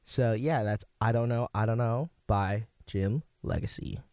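A man's voice: lowish voice, a little slow. A young man hosting a college radio show, chatting casually and enthusiastically between songs, rambling with lots of fillers.

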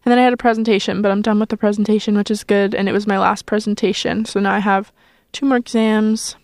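A young college radio host in her twenties talks into a studio mic in a smooth, clear voice. Her chat is loose and rambling, full of fillers and little self-conscious asides. The sound is dry and close, with no room echo. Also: medium pitch, level tone, fast talker, darkish tone. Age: 20s. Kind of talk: casual on-air chat.

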